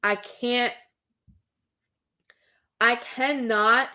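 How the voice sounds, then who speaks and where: A woman host talks casually in a slightly high voice. She gushes about what she loves and piles on filler words as her excitement runs ahead of her. The delivery is loose and chatty. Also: drawn-out words. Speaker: host reviewing an animated film. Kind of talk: casual chat.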